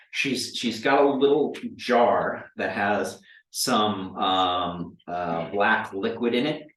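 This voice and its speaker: A man narrating as game master of a tabletop game, halting often with fillers and restarts. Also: lowish voice, distant mic. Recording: echoey room, voice from off the mic.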